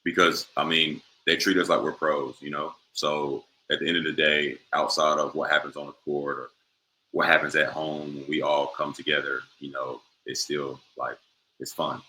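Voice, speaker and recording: Very deep-voiced young man, bright tone. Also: little pitch movement, normal speed, a little hiss or hum, low-quality recording. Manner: laid-back, many "like" and "you know" fillers. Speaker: professional basketball player, guest. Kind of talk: casual interview answers.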